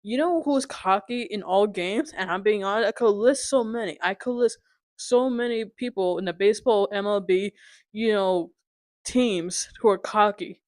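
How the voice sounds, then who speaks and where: A woman's voice: mid-range voice, moderate pace, darkish tone, dry recording. A young woman ranting in frustration as a vlogger, swearing and repeatedly asking if you understand. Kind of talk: angry sports rant.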